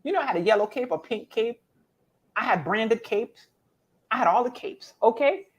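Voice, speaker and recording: Expressive woman coaching on a live stream. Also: fairly high pitch, moderate pace. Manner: expressive and preacherly, teasing viewers by name, emphatic repetition. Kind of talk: casual live-stream coaching talk, reading viewer comments.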